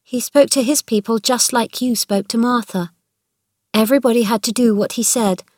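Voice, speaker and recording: A woman's voice: a little high, moderate pace, a little mellow, no echo, clean studio sound, lightly acted. A woman reading aloud, voicing an earnest, curious young girl. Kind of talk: read-aloud storybook dialogue.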